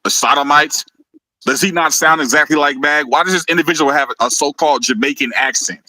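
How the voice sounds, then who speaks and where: A man's voice: on the high side, fast talker, bright, forceful tone, dry recording, poor audio. Mocking, heated male stream host. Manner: heated, mocking, laughs often, stumbles and repeats words. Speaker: host of a live video show. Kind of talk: live-stream commentary.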